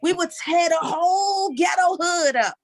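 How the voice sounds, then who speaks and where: A woman in her forties with a Washington, D.C. accent, doing a stand-up comedy set in a sassy, animated way that keeps tagging lines with "okay?". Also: extremely high pitch, unhurried, dry recording. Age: 40s.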